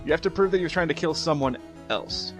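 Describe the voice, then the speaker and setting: A man's voice: fairly high pitch, fast talker, soft background music. A young man in casual, joking gameplay commentary who laughs often and restarts his sentences. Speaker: let's play commentator.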